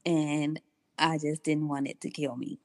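A woman's voice: sits low, level tone, dry recording. A woman guest in her thirties telling her personal story candidly, acting out the dialogue she recalls. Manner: candid, unhurried, acts out quoted dialogue.

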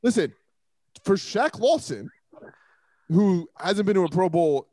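A man's voice: high voice, expressive, takes it slowly, warm tone. A man hosting a casual sports talk show, joking and laughing often.

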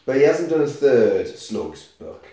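A man's voice: mid-range voice, big pitch swings, unhurried, mellow. Wry man in an echoey room. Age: 40s. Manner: nerdy, wry, sweary. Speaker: podcast co-host. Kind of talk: casual film podcast chat.

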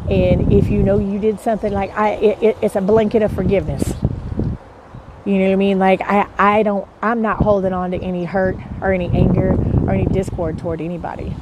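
A woman's voice: medium pitch, flat delivery, brisk, highs cut off, heavy background noise. A woman hosting a podcast, talking in an earnest, blunt motivational monologue, swearing freely and repeating her points for emphasis. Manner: emphatic repetition. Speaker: podcast host.

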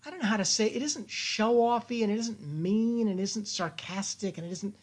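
A man talking as a guest in a casual interview, playful and lively, with many restarts. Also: high voice, a little fast, a crowd in the background. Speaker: guest, creative thinking consultant.

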